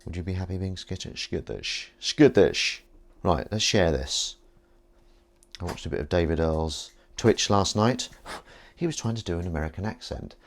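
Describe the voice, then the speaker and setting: A man's voice: low voice, normal speed. A man hosting a live stream at home, talking in a rambling, playful, self-mocking way. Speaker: livestream host. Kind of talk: casual live-stream chat.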